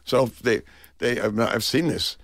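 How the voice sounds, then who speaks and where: A man's voice: medium pitch, unhurried, no echo. Older man, film director guest, rambling stories, dry close studio sound. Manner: rambling, animated anecdotes with many restarts. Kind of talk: anecdotal storytelling interview. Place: radio studio.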